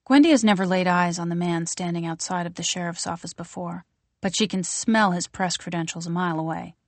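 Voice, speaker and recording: A woman narrates an audiobook in an even, descriptive way, with a voice slightly low for a woman. The sound is close and dry, with no room around it. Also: brisk, no echo. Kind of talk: scripted narration.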